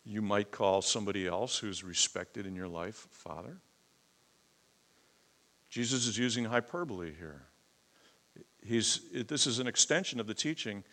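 Lower-voiced man preaching conversationally. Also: animated, normal speed, fairly bright tone. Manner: conversational teaching with emphatic outbursts. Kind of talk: sermon.

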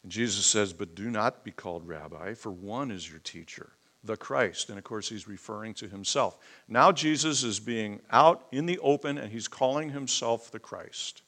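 A man's voice: on the low side, expressive, moderate pace, hardly any pauses, a bit bright. A man preaching a conversational sermon, teaching from scripture with sudden emphatic outbursts.

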